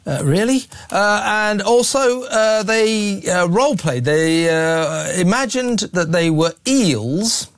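A man hosting a talk radio show, speaking in an opinionated, sarcastic and animated way. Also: sits high, slow pace, few pauses, no room sound, clean studio sound.

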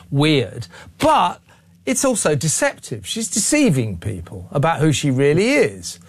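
A male talk show host whose voice sits a little higher than most men's. He talks in a sarcastic, mocking way, and the sound is close and dry with no room echo. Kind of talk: opinionated talk show commentary.

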